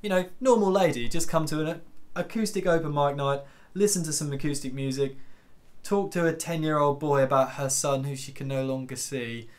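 A man's voice: on the high side, fairly quick. A young man in his twenties telling a self-deprecating story for his vlog, rambling with fillers and asides. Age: 20s. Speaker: YouTuber.

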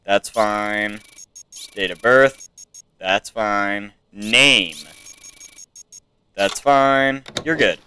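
A man's voice: lowish voice, drawn-out words, long pauses, pushed and bright, a little hiss or hum. A man giving casual gameplay commentary, thinking aloud as he checks items off to himself. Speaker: game player.

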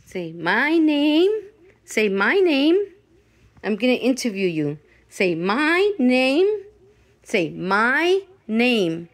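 A woman at home playfully coaxing her dog to speak into a microphone, in a sing-song, drawn-out voice. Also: a little high, very animated. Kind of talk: playful talk to a pet. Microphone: handheld microphone held near the dog.

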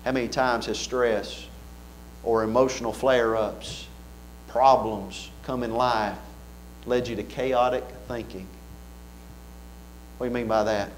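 A man's voice: mid-range voice, fairly even intonation, a little slow, pauses often, a little hiss or hum. A man preaching an earnest sermon in a church, building fervor with repeated phrases.

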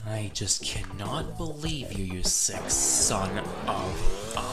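A woman commentating on a game she is playing, playful and excitable, talking to the characters on screen. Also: very deep voice, slow, creaky. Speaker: gaming channel host. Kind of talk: let's play commentary. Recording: music playing under voice. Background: background music.

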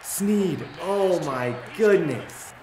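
A young man playing a football video game, reacting loudly and cheering or yelling at each play as a gaming commentator. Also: sits high, extremely slow, echoey room, crowd noise. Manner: excitable, yells and cheers at plays. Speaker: gaming YouTuber.

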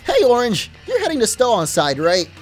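A man's voice: extremely high pitch, huge pitch swings, normal speed, faint music behind, voice pushed up, full character voice. A man voicing an earnest teenage boy rival trainer with a light put-on British accent and an eager, heartfelt way of talking.

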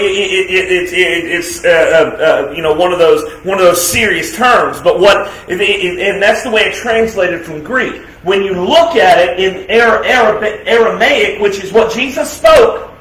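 Pastor, male, high-pitched, emphatic sermon delivery; loud proclamations that drop to hushed asides. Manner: emphatic preaching with rhetorical questions; swings between loud declarations and quiet, soft asides. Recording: echoey room sound.

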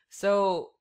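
Soft-spoken male hypnotist. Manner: slow, soft induction patter, then chatty with laughter. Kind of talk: hypnosis session.

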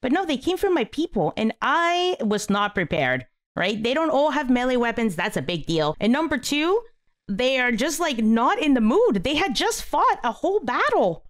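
A woman hosting a gaming channel, giving casual let's-play commentary, exasperated and swinging between high yelps and low mutters. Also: big pitch swings, moderate pace.

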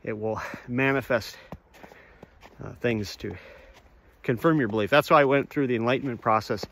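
A man's voice: medium pitch, a bit bright, a little hiss or hum. Man rambling on an outdoor walk. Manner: halting, restarts, chuckles, addresses viewers as folks. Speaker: vlogger. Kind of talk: rambling walk-and-talk monologue. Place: outdoors on a walk among trees.

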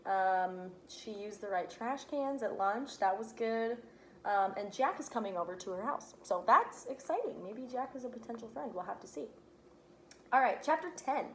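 A woman's voice: a little high, animated, moderate pace, fairly bright tone, slight background noise, poor audio. A young woman hosting a children's book read-aloud at home, chatty with lots of ums. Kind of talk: casual chat and children's book reading. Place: hot apartment at home.

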